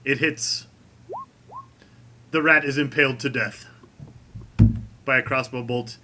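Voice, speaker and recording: A man's voice: medium pitch, fairly even intonation, slow, background noise. A man narrating as game master of a tabletop role-playing game, laughing often.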